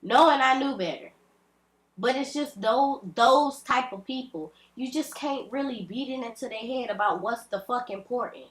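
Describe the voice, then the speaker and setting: A woman's voice: fairly high pitch, moderate pace. Blunt, profane woman ranting at the camera. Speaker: vlogger. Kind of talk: ranting direct-to-camera vlog. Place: at home. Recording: echoey room.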